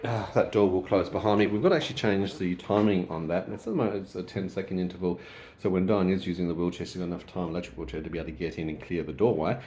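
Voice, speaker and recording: A man's voice: sits low, fairly even intonation, racing, a little mellow, slight background noise. A man with an Australian accent narrating a casual vlog, giving a running commentary as he does household chores. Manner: chatty, running commentary while doing chores. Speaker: vlogger.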